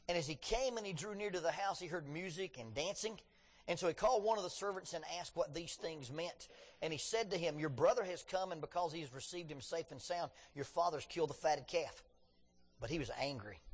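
A man's voice: a little high, husky, long reverb tail. A man preaching a sermon in a conversational way with joking asides, reading scripture with drama. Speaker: pastor.

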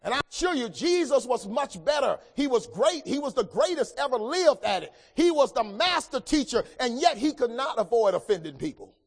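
A man preaching a sermon, swinging between loud emphatic lines and hushed, low passages. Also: very animated, moderate pace, few pauses, slightly rough, long reverb tail.

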